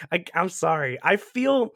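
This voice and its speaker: A man's voice: sits high, vocal fry, fairly bright tone, no echo, studio quality. A young man co-hosting a podcast, retelling movie scenes in casual chat, laughing often and swearing. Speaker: podcast co-host recapping a movie.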